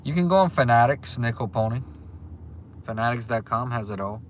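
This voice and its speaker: A man's voice: mid-range voice, lively intonation, brisk, slight background noise. A man from Louisiana with a Cajun accent, chatting casually on a livestream and reading viewer comments aloud in a rambling way. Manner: rambling, chatty, restarts often. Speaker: livestream host. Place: restaurant.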